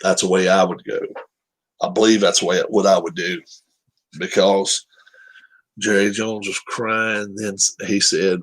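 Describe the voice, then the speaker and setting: A man talks football in a relaxed, unscripted way. His voice sits low and has a husky grain. His opinions come out blunt and salted with profanity. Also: slow pace, pauses often. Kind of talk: casual sports chat.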